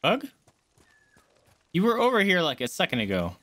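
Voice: medium pitch, wildly swooping pitch, moderate pace, fairly bright tone, dry recording. A game streamer chatting casually on a live stream, often cooing baby talk at a pet dog between gameplay remarks.

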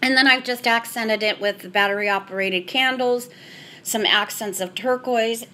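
Holding a handheld camera as she walks, a middle-aged woman shows off her family room in a rambling, chatty way, peppered with "so anyhow." Her sharp voice sits on the high side and moves unhurriedly, typical of a home decor vlogger.

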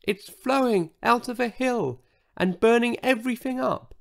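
A man's voice: extremely high pitch, lively intonation, a little slow, pitched above the performer's own voice, full character voice. A man doing Saizo, a huge dinosaur with a tiny timid voice. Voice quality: small, soft and breathy. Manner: timid and earnest.

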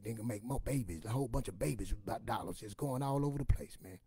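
Man, motivational storyteller, colloquial and animated, mid pitch, dry close sound. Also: fast, husky, no echo. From Louisiana, US. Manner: animated, colloquial, swears casually. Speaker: motivational speaker.

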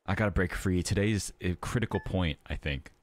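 Sleepy, low-voiced male game streamer. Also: normal speed. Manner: rambling, playful, easily excited. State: tired, sleepy. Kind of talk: casual live-stream chat to viewers.

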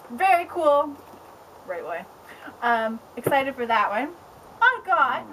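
Excitable high-voiced young woman vlogger. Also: slight background noise, poor audio. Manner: excitable, rambling, peppered with "like". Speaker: book blogger. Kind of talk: casual vlog chat. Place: home with pets around.

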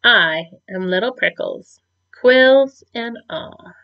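A woman's voice: high voice, animated, unhurried, far from the mic, pitched above the performer's own voice. A woman voicing a young, timid, lonely male porcupine in a children's storybook, in a small, plaintive voice. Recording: dull lo-fi recording.

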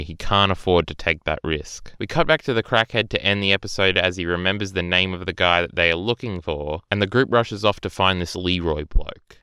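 A man with a low, very clear voice narrates an anime recap in a blunt, matter-of-fact way, dropping the odd swear word. His tone is bright and forward. The recording is dry and close to the mic. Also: no echo. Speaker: anime reviewer. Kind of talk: scripted recap commentary.

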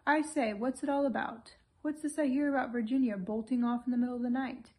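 A woman voicing an eager, flustered young Englishman who fires off hurried questions in an audiobook reading. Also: fairly high pitch, steady tone, a little mellow, close to an everyday voice.

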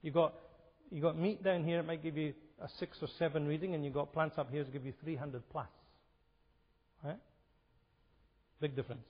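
A man's voice: on the high side, fairly even intonation, moderate pace, long pauses. A man giving a health seminar talk in a church, conversational and asking his audience questions. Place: church hall. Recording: lo-fi recording with hall reverb.

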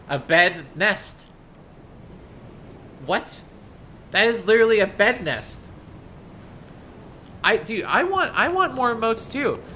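A young man chatting to his viewers and reacting loudly while he streams a game, with frequent panicky outbursts. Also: mid-range voice, a little hiss or hum. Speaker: gaming streamer. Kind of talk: live gameplay commentary. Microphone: desk microphone.

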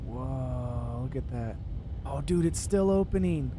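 A man streaming a game live, reacting excitably and talking to the characters and to his chat. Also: medium pitch, takes it slowly. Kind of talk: live gameplay commentary. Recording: noisy background.

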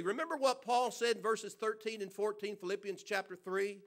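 A man preaching a sermon at a church service. He asks the congregation questions and suddenly gets loud to stress a point. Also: high-pitched, brisk, hardly any pauses. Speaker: pastor.

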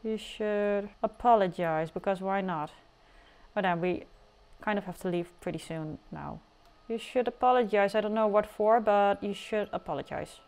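A woman's voice: mid-range voice, normal speed, a little mellow. A woman casually narrating her life simulation gameplay in a chatty, teasing way, with playful outbursts. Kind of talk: casual game commentary. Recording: faint music behind.

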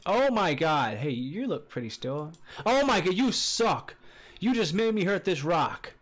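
A man streaming a survival game live, chatting with viewers and reacting excitedly as he plays. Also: unhurried. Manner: excitable, chatty, greets viewers, bursts into high squeals and laughs. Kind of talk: casual live-stream commentary. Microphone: desk condenser mic.

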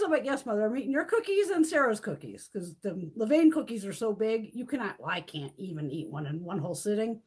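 A chatty middle-aged woman hosting a livestream, talking off the cuff and swearing freely as she tells a story. Her voice sits a little high and has a husky edge. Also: darkish tone. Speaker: beauty livestream host. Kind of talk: casual livestream chat.

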